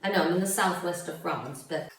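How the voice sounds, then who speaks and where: A Canadian woman, a home cook, chats casually and digressively through a cooking video in her home kitchen, laughing often. Her voice is fairly low and brisk, recorded in a very echoey room with the mic far off.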